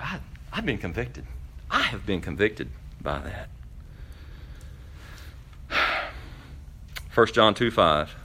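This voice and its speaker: A pastor preaching a sermon to his church, asking pointed rhetorical questions and swinging between loud emphasis and quiet asides. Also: sits low. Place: church during a service.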